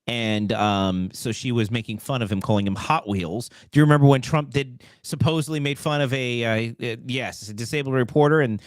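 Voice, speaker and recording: A male host of a political talk show with an easygoing, agreeable delivery, dropping in fillers as he sets up topics. His voice sits at a middling pitch, and the sound is close and dry. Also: fairly quick, hardly any pauses, dry recording.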